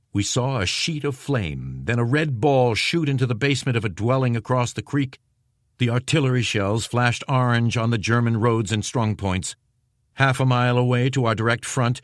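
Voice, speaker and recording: A man narrating an audiobook in a steady, measured scripted reading. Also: mid-range voice, no echo, clean studio sound.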